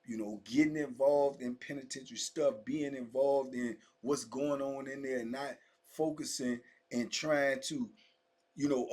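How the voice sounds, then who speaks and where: A husky, dark-toned middle-aged man hosts his own channel and tells prison stories straight to his viewers. He talks in heavy street slang, hammers his points home by repeating them, and shouts out to his fans. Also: medium pitch. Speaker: host telling prison stories. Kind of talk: casual storytelling monologue to viewers.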